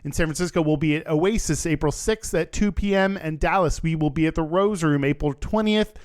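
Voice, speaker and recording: A man's voice: a little high, brisk. A man co-hosting a podcast in casual chat, teasing and upbeat, laughing often. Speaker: podcast co-host.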